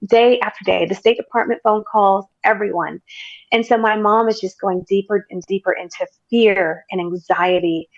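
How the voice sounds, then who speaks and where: An American woman tells a gripping personal story as a testimony, leaning into phrases and repeating them for weight. Her voice sits at an ordinary pitch. The recording is dry and a little dull. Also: fairly even intonation, moderate pace, no room sound. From United States. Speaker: podcast guest sharing her testimony.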